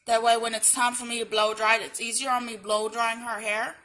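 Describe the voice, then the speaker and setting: A woman's voice: fairly high pitch, little pitch movement, brisk, sharp tone. A woman beauty vlogger talking through a hair routine step by step in a plain, conversational voice-over.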